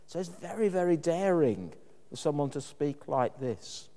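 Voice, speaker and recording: A man gives a sermon in a warm, mellow voice, talking in a thoughtful, conversational way with the odd "um". His words ring out with a long reverb from the church around him. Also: on the high side, expressive, unhurried. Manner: thoughtful, conversational preaching with fillers. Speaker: preacher.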